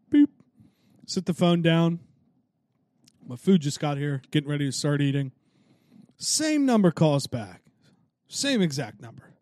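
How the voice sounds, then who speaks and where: Joking, swearing young man, higher voice. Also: darkish tone, no room sound, clean studio sound. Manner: joking, profane, self-mocking. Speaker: podcast host. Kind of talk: casual solo podcast storytelling.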